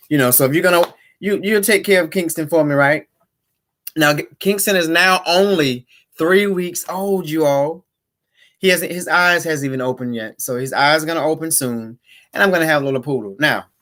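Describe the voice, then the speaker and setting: A man's voice: on the high side, fairly bright tone. A middle-aged man hosting a live-streamed talk show, chatting casually and playfully with his viewers. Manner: chatty, addresses viewers directly, playful asides.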